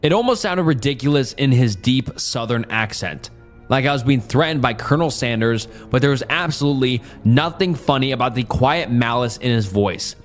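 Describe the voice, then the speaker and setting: Male narrator, mid-pitched, steady first-person horror reading over faint music. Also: normal speed. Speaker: story narrator.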